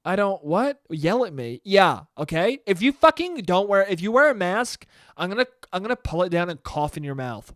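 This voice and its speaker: A man's voice: high voice, very animated, moderate pace, a bit bright, no echo, clean studio sound. A young man hosting a solo podcast, ranting in a profane, rambling way and acting out quotes in mock voices. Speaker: podcast host. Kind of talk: solo comedic rant.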